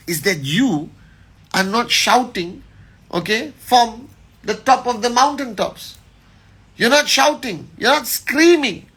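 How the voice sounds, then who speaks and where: A man's voice: high voice, pushed and bright, breathy edge. A middle-aged man giving a motivational live address as a company leader, emphatic and rallying, often checking in with "all right?".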